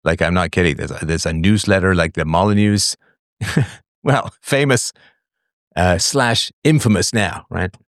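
Male call-in show host, very deep voice, dry close sound, chatty and musing. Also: a little slow, no room sound. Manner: musing, chatty, many fillers and asides. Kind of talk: live call-in talk show.

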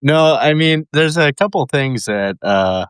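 A man's voice: on the high side, animated, a little slow, clean tone, no echo. A man calling in to a talk show, hesitant, with many ums and uhs. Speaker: caller. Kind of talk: call-in conversation.

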